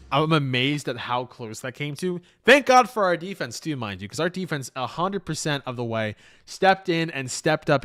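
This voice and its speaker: A young man hosting a casual sports talk show, recapping plays with excitable, swinging energy between loud calls and mumbled asides. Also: mid-range voice. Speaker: host.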